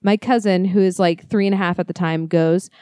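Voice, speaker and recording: A woman co-hosting a podcast, chatting casually and reading listener ghost stories aloud with quick, laughing, profane asides. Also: on the low side, fairly even intonation, warm tone, no room sound, clean studio sound. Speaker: podcast co-host.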